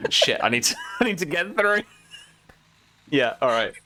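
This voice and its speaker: A man's voice: on the high side, sing-song, moderate pace, pushed and bright, slight background noise. A man as game master of a tabletop game, rambling with many fillers and restarts. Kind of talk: narrating a tabletop game on a stream.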